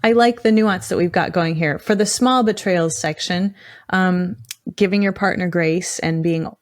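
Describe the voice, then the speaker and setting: A woman co-hosting a relationship advice talk, calmly summing up points and agreeing. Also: lowish voice, measured pace, dry recording. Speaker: relationship podcast co-host. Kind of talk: casual advice chat.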